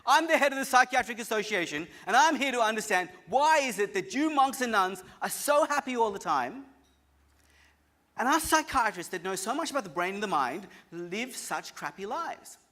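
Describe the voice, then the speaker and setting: A man voicing an indignant, self-important male psychiatrist who shouts in outrage. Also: high-pitched, expressive, normal speed, pitched above the performer's own voice. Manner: pompous, outraged, loud.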